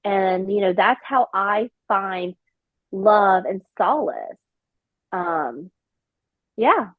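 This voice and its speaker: A woman's voice: mid-range voice, lively intonation, very slow, no room sound, phone-quality sound. Rambling woman telling stories. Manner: rambling, filler-heavy storytelling. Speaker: flight attendant, podcast guest. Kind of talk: casual chat.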